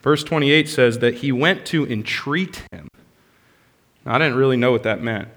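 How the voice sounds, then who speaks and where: Passionate preacher in a reverberant hall. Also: male voice, mid-range voice, normal speed. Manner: passionate, swings from loud bursts to soft hushed lines. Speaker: pastor. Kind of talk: sermon.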